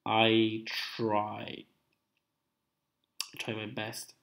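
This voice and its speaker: An Italian-accented man, a native Italian speaker, hosts a casual live stream while he is ill. He talks in a slow, unhurried way and often repeats himself, his delivery drawn out and sickly. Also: fairly low pitch, monotone, gravelly, fairly bright tone. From Italy. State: sounding sick.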